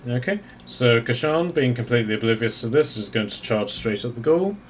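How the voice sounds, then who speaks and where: A man runs a tabletop game as game master in a mid-pitched voice. His narration is halting, with frequent pauses to find the next word. A faint hiss sits under the recording. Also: animated.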